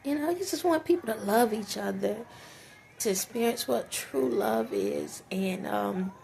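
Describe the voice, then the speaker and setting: Teary woman talking faith, slight fry. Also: mid-range voice, big pitch swings, a little mellow, slight background noise. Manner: tearful, earnest, faith-filled, halting with restarts. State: teary, sniffly. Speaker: vlogger. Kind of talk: emotional personal talk to camera.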